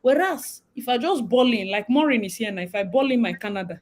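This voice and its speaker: Lively Nigerian woman hosting a live chat. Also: fairly high pitch, brisk, low-quality recording. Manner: animated, mixing in Nigerian Pidgin. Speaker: livestream host.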